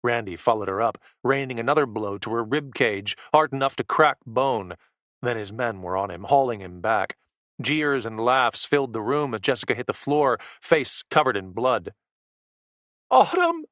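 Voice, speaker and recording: Low, tense male audiobook narrator. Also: moderate pace, a bit bright, no room sound. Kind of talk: first-person thriller narration.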